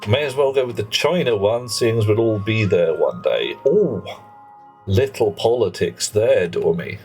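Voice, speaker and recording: A man's voice: fairly low pitch, expressive, a little slow, darkish tone, faint music behind. A British man streaming live, chatting casually with viewers in a cheeky, rambling way that slips into mock rants.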